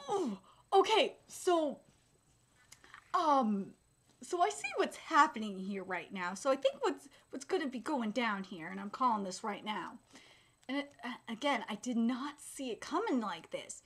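A woman streaming a live reaction to a comic chapter, excitable and squealing, reading aloud and swearing freely. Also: fairly high pitch, measured pace, husky.

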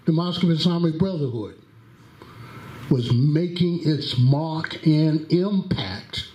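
A man introducing a lecture in a mosque hall, telling stories in a deliberate, drawn-out way and acting out the quotes. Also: a little high, mellow. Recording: echoey hall with faint background noise.

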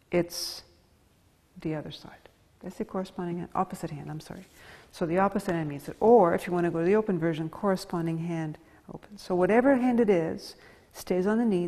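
A woman guides a gentle yoga class with slow, calm cues, soft hums and near-whispered breath prompts. Her voice is dark and mellow with a breathy, husky edge. A long reverb trails behind her words. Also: on the low side. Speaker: yoga teacher.

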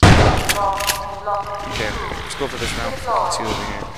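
A man's voice: medium pitch, wildly swooping pitch, quick pace, heavy background noise. A man giving live gameplay commentary in profane, exasperated outbursts. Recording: loud game music and gunfire behind.

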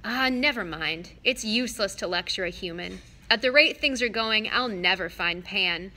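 Woman reading as a mournful, earnest young satyr; bright, lightly raised voice, storybook read-aloud. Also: mid-range voice, natural voice. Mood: earnest, sorrowful. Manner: sad, earnest, slow at times.

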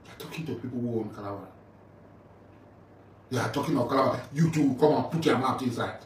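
A middle-aged man with a Nigerian English accent and a medium-pitched voice talks fast in an angry, mocking rant. He's a militant leader taunting and confronting a rival. The mic is distant in a roomy space with faint ambient noise.

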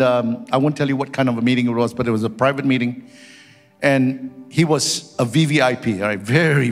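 A man who is a pastor, preaching a sermon with personal stories and rising into fervent prayer. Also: a little high. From Singapore. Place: church hall. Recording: church hall with long reverb.

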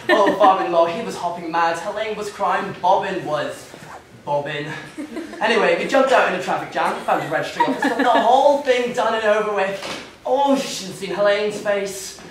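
A young actor playing a flustered, rambling bridegroom on a theatre stage, recorded from far off in an echoey room. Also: male voice, high voice, lively intonation, moderate pace, noisy background. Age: young adult. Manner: flustered, rambling, nervous laughs. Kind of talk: stage comedy performance.

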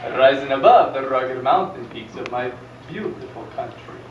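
A man playing a suave vampire count in an amateur stage play, speaking in courtly, florid flattery. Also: medium pitch, normal speed, natural voice. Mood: seductive. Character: suave vampire count, smooth-talking foreign nobleman. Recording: echoey hall, distant mic, dull sound, noise.

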